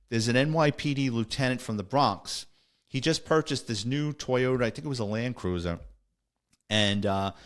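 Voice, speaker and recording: A man's voice: mid-range voice, fairly bright tone. A man, a podcast host and former police officer, telling a war story in a blunt, streetwise, matter-of-fact way. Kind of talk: casual storytelling.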